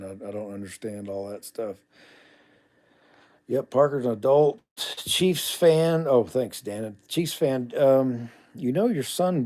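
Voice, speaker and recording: A man's voice: medium pitch, warm tone. A middle-aged man hosting a casual livestream, reading viewer comments aloud and answering them bluntly, with asides muttered under his breath.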